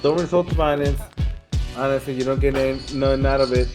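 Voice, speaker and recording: A man's voice: medium pitch, fairly even intonation, fast talker, music in the background. A man co-hosting a casual podcast, speaking earnestly and filling his talk with "like" and "honestly". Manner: earnest, filler-heavy with "like". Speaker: podcast co-host. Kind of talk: casual chat.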